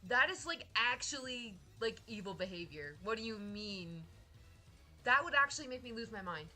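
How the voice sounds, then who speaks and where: Excitable young woman streamer, bright voice. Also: a little high, moderate pace. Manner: excitable, rambling, frequent likes and laughs. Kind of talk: casual live-stream chat.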